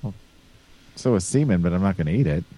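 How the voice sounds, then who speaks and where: A man with a lowish voice whose pitch swings widely as he talks. He co-hosts a casual podcast chat, rambling with crude jokes and plenty of fillers, heard through a remote call mic. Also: expressive, quick pace, noisy background. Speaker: podcast co-host.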